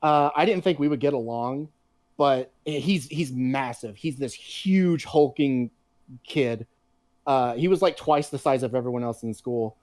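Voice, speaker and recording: A man chatting casually on a podcast, telling animated, profanity-laced stories. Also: medium pitch, measured pace, no echo, clean studio sound. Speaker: podcast co-host. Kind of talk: casual chat.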